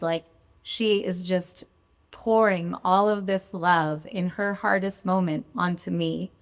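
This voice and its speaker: A woman's voice: on the low side, steady tone, takes it slowly. A woman physician performing a live story, emotional, confessional and vivid.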